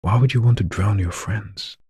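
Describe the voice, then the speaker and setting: A man voicing a calm, inquisitive male doctor in a read-aloud story, asking questions gently and measuredly. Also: fairly low pitch, moderate pace, slightly rough, dry recording, clean studio sound, pitched above the performer's own voice.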